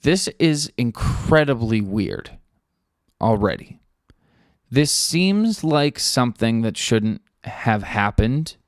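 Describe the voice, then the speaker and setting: A man's voice: medium pitch, takes it slowly, no room sound, clean studio sound. A young man hosting a podcast, telling a story in casual, rambling talk full of fillers and swearing. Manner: loose, rambling, lots of fillers and profanity; acts out quoted people in a flat offhand voice. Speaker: podcast host.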